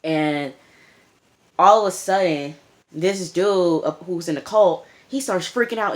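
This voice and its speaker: A young woman recapping a TV episode in casual chat, animated and emphatic, repeating lines for effect. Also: lowish voice, a little slow. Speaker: TV show reviewer.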